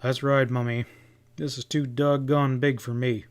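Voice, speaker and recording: A brash, folksy cowboy rider, voiced by a man reading an audiobook. He speaks in a plain western drawl and gets louder on his exclamations. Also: medium pitch, flat delivery, a little slow, smooth, close to an everyday voice.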